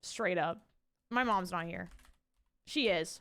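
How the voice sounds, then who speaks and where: A young woman streaming live, chatting and ranting to her viewers in an animated way, swearing casually. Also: medium pitch, fairly quick, clear, resonant tone. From Canada. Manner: animated, ranty, swears casually, talks to chat.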